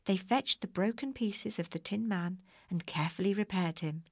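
A woman reading a children's storybook aloud in an expressive, clear way. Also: medium pitch, moderate pace, no room sound, clean studio sound.

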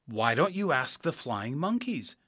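A shy storybook scarecrow as a man puts him on, slow and pleased with himself. His pitch wanders widely, dry and close. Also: big pitch swings, a bit bright, dry recording.

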